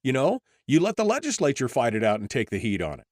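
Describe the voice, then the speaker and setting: A man's voice: medium pitch, huge pitch swings, quick pace, a little mellow, no room sound, studio quality. A man hosting a radio talk show, speaking conversationally with open frustration and leaning on "I mean".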